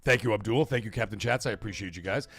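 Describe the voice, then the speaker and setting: A middle-aged man hosting a livestream in casual chat, animated and swearing, loudly thanking donors. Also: lowish voice, fast, heavy background noise. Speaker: livestream host.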